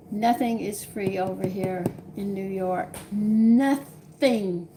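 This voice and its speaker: With a gravelly, mid-range, darkish voice, an older Texas woman runs a casual home cooking live stream, chatty with her viewers and laughing through exasperated stories about home. Slight background noise is audible.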